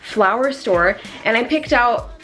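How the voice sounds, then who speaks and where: A young woman chatting casually in a fitness vlog, bubbly and excited, her voice jumping up in delight. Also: on the high side, measured pace, soft background music. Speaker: fitness vlogger.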